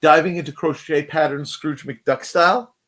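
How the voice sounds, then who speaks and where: A man's voice: fairly high pitch, steady tone, normal speed, fairly bright tone. A man hosting a casual live chat show, playful and jokey, often breaking into silly voices. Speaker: host.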